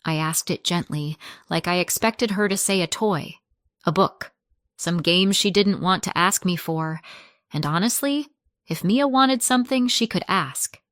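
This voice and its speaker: In a soft, measured, slightly low voice with lively intonation, a woman narrates a scripted first-person tale at an unhurried pace. The recording is close and dry, with no room sound or echo.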